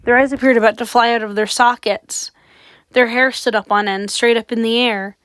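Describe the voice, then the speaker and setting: A woman's voice: a little high, fairly even intonation, moderate pace, a bit bright, clear, resonant tone, no room sound. A woman reading a horror story aloud with dramatic, suspenseful narration. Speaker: audiobook reader.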